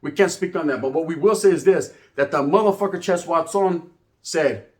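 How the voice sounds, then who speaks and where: A man's voice: a little high, moderate pace, darkish tone. A man, telling a story as ranting commentary, full of profane street slang and Spanish words. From California. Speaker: channel host.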